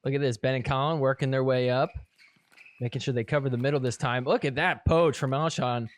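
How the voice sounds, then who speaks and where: A man's voice: mid-range voice, fairly even intonation, a little fast. A man hosting a podcast, giving a casual, teasing play-by-play recap of match footage and laughing often. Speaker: podcast host.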